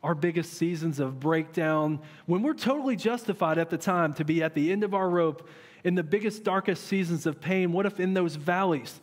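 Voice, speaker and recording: A man in his thirties preaching a sermon as pastor, conversational and animated, with many rhetorical questions. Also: a little high. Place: large church hall. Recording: long reverb of a church hall.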